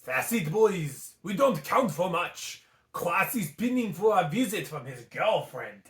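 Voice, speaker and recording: A man voicing a wry, motherly old female stone gargoyle in a put-on French accent, slow and dry, in an echoey room. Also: sits high, big pitch swings, a bit bright, recorded from a distance, heavily acted.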